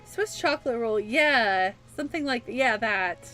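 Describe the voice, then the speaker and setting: Young woman streamer, talks fast and chatty, lots of likes, kinda high voice. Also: lively intonation, fairly bright tone, faint music behind. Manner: chatty and emotional, many fillers. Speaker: streamer playing a game. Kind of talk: casual chat.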